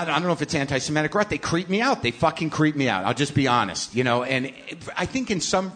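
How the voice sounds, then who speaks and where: Exasperated, ranting middle-aged man on stage. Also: on the high side. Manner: profane, exasperated, ranting, sudden loud bursts. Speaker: podcast host. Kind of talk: comic storytelling rant. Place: live stage show. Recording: live venue with faint noise.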